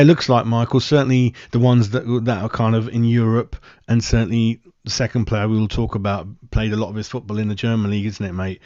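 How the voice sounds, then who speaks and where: A man hosts a live football fan stream in a chatty, rambling way, answering viewers and calling them mate between throat-clears. His voice sits a little low. The sound is dry and close, slightly muffled like lo-fi stream audio. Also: darkish tone, no room sound. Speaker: football fan channel host.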